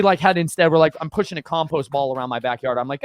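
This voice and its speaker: A man hosting his channel and telling his own story in an animated, rambling way. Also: a little high, racing, hardly any pauses, dry recording. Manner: rambling and excitable, slipping into mock voices. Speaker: channel host. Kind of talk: animated personal testimony.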